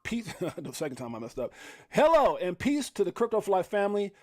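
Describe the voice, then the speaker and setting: A man hosting a casual live crypto stream, hyped and rambling, shouting out viewers and reading prices with laughs. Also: high-pitched, wildly swooping pitch, a little fast. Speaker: livestream host.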